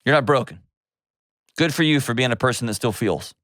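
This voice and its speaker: A man's voice: medium pitch, a little fast, a bit bright, no echo, studio quality. Direct, reassuring male advice host. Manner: direct, reassuring, interrupts to steer. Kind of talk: call-in advice show.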